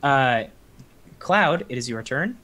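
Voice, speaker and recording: A young man running a tabletop game as dungeon master, calmly narrating and answering rules questions. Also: mid-range voice, slow, background noise. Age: young adult.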